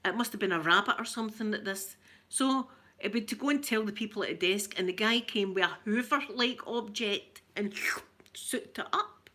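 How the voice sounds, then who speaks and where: A Scottish woman with a Scottish accent hosts a casual livestream chat. Her voice is bright and clear-edged, and she talks in a chatty, animated way as she tells stories. She sounds middle-aged. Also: mid-range voice, fairly quick. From Scotland. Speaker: ASMR channel host.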